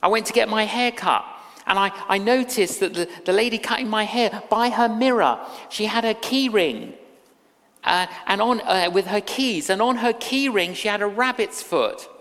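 A woman evangelist delivers a sermon in a storytelling way, slipping into the voices of the people in her anecdotes. Her voice sits at a middle pitch and carries a long reverb from a large hall. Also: expressive, normal speed, fairly bright tone. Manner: storytelling, acting out quoted lines.

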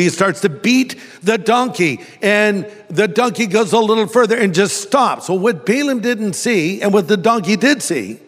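High-voiced pastor in a reverberant hall. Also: male voice, fairly bright tone. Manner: humorous storytelling, acting out voices. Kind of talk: sermon.

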